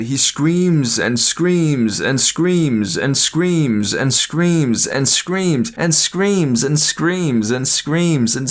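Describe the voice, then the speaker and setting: A young man giving a blunt, exasperated anime review, scripted and peppered with swearing. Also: mid-range voice. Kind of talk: scripted video essay commentary.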